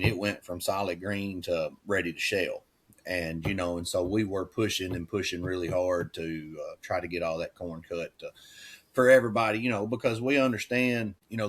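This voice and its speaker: A middle-aged dairy farmer chats in a rambling, folksy way. His voice sits a little low. He often slips into quoted back-and-forth between people. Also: steady tone, a little fast, a bit bright. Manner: folksy, rambling, acts out quoted dialogue with rising pitch. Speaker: dairy farmer and auctioneer, podcast guest. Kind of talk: casual storytelling chat.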